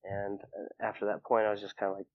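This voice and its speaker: A man's voice: on the low side, monotone, quick pace, phone-quality sound. A young man, a guest in an interview, telling a personal story casually, full of fillers and acting out what others said. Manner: rambling, filler-heavy, acts out quoted people in a raised voice.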